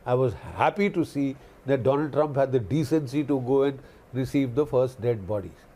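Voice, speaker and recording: A man's voice: mid-range voice, expressive, moderate pace, dark tone. A man giving impassioned commentary on a news broadcast, indignant and lecturing, often repeating phrases for emphasis. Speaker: guest commentator on a news channel.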